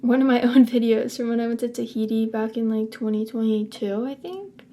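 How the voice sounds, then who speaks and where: Rambling young woman with a gravelly voice. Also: a little high, brisk, warm tone. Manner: rambling, lots of "like" fillers. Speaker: vlogger. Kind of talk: casual chat to camera.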